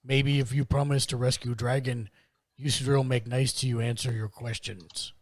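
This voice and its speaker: A man's voice: medium pitch, little pitch movement, moderate pace, no echo, lightly acted. A man voicing a timid male kobold who talks in broken speech and calls himself by name in the third person. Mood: earnest.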